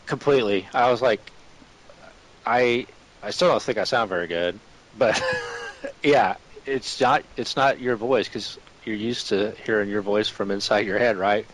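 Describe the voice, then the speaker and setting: A man on a podcast in casual chat, speaking in a laid-back, deadpan way. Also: on the low side, a little slow, low-quality recording. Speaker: podcast co-host.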